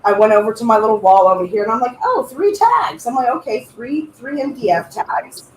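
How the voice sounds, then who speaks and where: A woman's voice: a little high, fairly even intonation, brisk, darkish tone. A woman co-hosting a craft livestream, chatting casually and greeting viewers in a playful, sing-song way. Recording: echoey room with faint noise.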